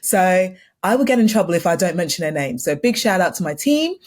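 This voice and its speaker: A woman's voice: fairly low pitch, sing-song, fairly quick. A woman guesting on a podcast, giggly and enthusiastic in casual chat.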